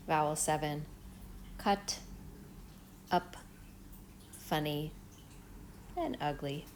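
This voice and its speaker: A woman teaching pronunciation in a slow, deliberate demonstration, drawing out each vowel sound. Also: low voice, big pitch swings, darkish tone, slight background noise.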